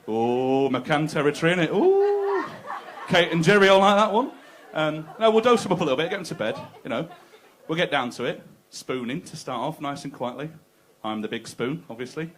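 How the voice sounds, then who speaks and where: A man working a comedy club crowd with crude, chatty stand-up. His voice sits a little high for a man, and he talks to the audience directly. Faint room noise sits under the live recording. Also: animated, brisk, hardly any pauses. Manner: conversational, crude, teasing the crowd.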